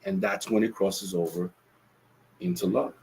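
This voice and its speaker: A man's voice: low-pitched, fairly even intonation, normal speed, gravelly, a little mellow, poor audio. A man hosting a solo podcast, talking earnestly and reflectively, often restarting his phrases. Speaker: podcast host.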